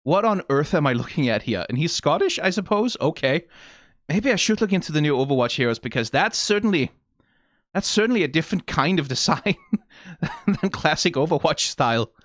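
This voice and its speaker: A man from Denmark hosting a casual reaction video, animated and exclaiming, swearing now and then and laughing. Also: a little high, fairly quick, no room sound, clean studio sound.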